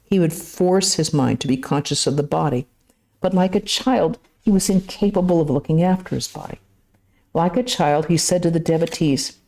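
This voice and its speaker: A woman reading a holy text aloud to a study group in a steady, measured way, with brief asides. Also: low voice. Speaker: scripture reader. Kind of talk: reading scripture aloud to a class.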